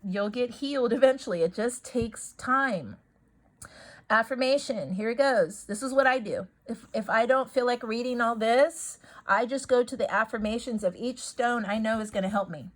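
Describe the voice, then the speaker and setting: A woman's voice: a little high, moderate pace, low-quality recording. A woman talking casually about healing stones and affirmations, rambling and repeating herself for emphasis. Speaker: spiritual video host.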